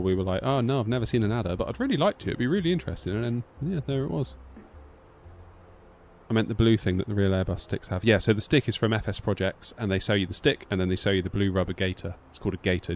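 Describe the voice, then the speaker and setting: A man's voice: sits low, a little hiss or hum. Rambling British man chatting on stream. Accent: British English. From United Kingdom. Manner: rambling storyteller, animated, acts out quotes. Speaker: flight sim streamer. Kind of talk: casual live-stream chat.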